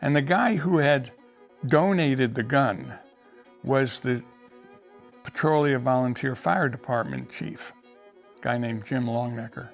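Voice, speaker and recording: A man's voice: medium pitch, unhurried, pauses often, soft background music. An older man telling a rambling story in casual conversation, with many restarts and acted quotes. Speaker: interviewee storyteller.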